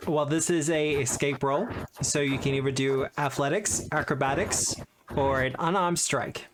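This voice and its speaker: A man's voice: a little high, moderate pace, background noise. A man acting as game master, giving easygoing, matter-of-fact rulings in a tabletop session. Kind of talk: running a tabletop game over voice chat.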